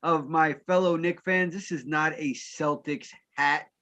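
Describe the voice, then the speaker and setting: A man's voice: fairly high pitch, steady tone, a little slow, pushed and bright. A man hosting a live sports talk show, bantering with his co-host in a playful, mock-formal way.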